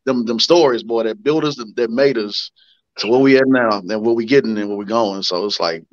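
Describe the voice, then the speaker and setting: A man's voice: medium pitch, fairly quick, no echo. Man, casual podcast chat, earnest and rambling, dull lo-fi recording, very dry.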